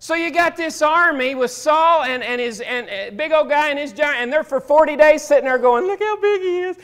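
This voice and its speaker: A man's voice: very high voice, moderate pace, fairly bright tone. A man preaching a sermon, telling a story in a folksy, homespun way. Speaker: pastor.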